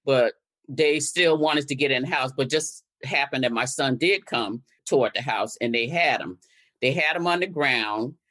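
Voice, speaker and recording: A woman's voice: extremely low pitch, a bit bright. An older woman from Connecticut, a guest and activist, telling her story in conversation and acting out the exchanges she quotes. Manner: recounting events, re-enacting exchanges in quotes.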